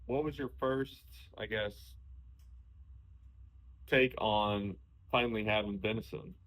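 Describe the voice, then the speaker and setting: A young man with a somewhat low voice chats casually about his hunting trips. He rambles and restarts his sentences mid-thought as he tells his stories. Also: slow, rough recording. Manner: relaxed storytelling, frequent restarts. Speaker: podcast host, hunter. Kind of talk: casual conversation.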